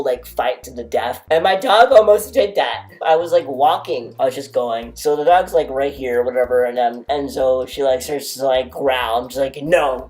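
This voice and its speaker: A man's voice: medium pitch, darkish tone. Rambling storytime guy, faint music behind. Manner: rambling, filler-heavy, dramatic self-mocking asides. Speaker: vlogger. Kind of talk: casual storytime monologue.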